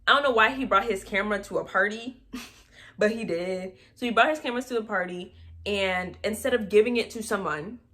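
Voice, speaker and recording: A young woman talks straight to camera, running through a film's plot in a loose, chatty way. She breaks in with dry, sarcastic jabs and laughs at her own remarks. Her voice sits at a middling pitch for a woman. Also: brisk, a bit bright. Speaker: movie review vlogger. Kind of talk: casual movie recap.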